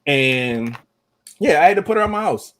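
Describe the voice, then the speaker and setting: A man's voice: fairly high pitch, moderate pace. Young guy podcast host, cursing a lot, voice bouncing all over. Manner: profane, animated storytelling. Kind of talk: casual storytelling.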